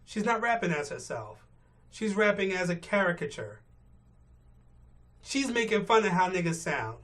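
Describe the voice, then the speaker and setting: A man's voice: high-pitched, big pitch swings, normal speed, fairly bright tone. A male vlogger giving blunt, profane, exasperated rant commentary from his car on a morning commute. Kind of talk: ranting commentary.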